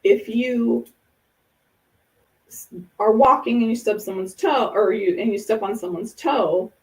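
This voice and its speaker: A woman's voice: on the high side, unhurried, darkish tone, recorded from a distance, low-quality recording. A woman hosting a casual podcast, talking through ideas in an earnest, explanatory way with examples. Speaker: podcast host.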